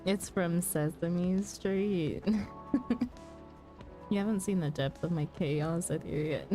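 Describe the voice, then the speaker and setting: A woman's voice: on the low side, slow, mellow, soft background music. A woman streamer chatting casually and playfully, reading game dialogue aloud. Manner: giggly, playful.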